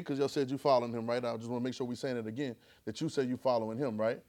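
A man preaching a sermon in church, calling and answering with the congregation and rising into shouts. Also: mid-range voice, steady tone, racing. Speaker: pastor.

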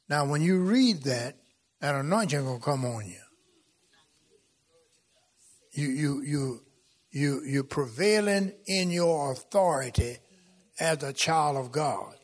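Fiery preaching man, high-pitched. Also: expressive, a little slow. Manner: rhythmic, repetitive preaching that swells into shouting; casual folksy speech with "y'all" and "ain't". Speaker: pastor. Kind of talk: fiery sermon. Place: church sanctuary with congregation.

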